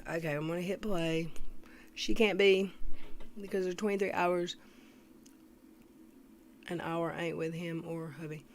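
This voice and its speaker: A woman, hosting a casual commentary livestream, reading viewer comments aloud and often clearing her throat. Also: on the low side, fairly even intonation, unhurried, long pauses, a little hiss or hum. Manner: chatty, greets viewers, reads comments aloud.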